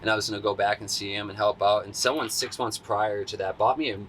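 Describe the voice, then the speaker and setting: Laid-back man, bright tense tone. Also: lowish voice, fast talker, a little hiss or hum. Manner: animated, acts out quotes in a raised voice. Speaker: interview guest. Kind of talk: casual storytelling.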